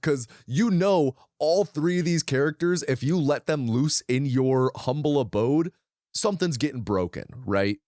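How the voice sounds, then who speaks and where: A man's voice: fairly high pitch, animated, unhurried, darkish tone, no echo, clean studio sound. A man co-hosting a film podcast, chatting loosely with lots of restarts and hedges. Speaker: podcast co-host. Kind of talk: casual film discussion.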